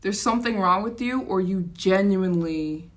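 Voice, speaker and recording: A young woman hosting a casual livestream, chatting excitably and reacting to viewer comments. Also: mid-range voice, moderate pace. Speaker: livestream host.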